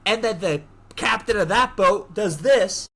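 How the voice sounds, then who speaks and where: A young man co-hosting a podcast, telling a story in an animated way, laughing and swearing as he goes. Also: sits high, a little slow, gravelly. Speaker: podcast co-host. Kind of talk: casual storytelling chat.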